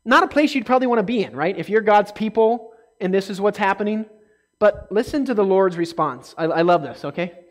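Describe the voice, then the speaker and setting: A man leading a relaxed Bible study in a slightly higher voice. He keeps checking in with his listeners as he goes, and he lifts into animated bursts when he reads passages aloud. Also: normal speed. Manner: conversational, frequent "okay?" check-ins, animated when reading aloud. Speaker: Bible teacher. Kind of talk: casual Bible study teaching.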